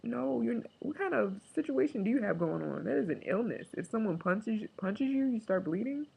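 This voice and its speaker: A woman talking candidly in a casual video diary, emotional and joking, sometimes breaking into a squeaky high chant. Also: lively intonation, moderate pace, vocal fry, darkish tone, breathy edge, low-quality recording. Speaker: vlogger.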